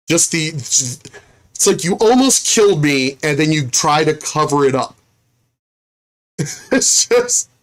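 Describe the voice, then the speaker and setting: Swearing veteran ranting about a grudge. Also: mid-range voice. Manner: blunt, heavy swearing, retells conversations; restarts and repeats phrases when worked up. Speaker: military veteran telling a personal story. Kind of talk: casual storytelling rant.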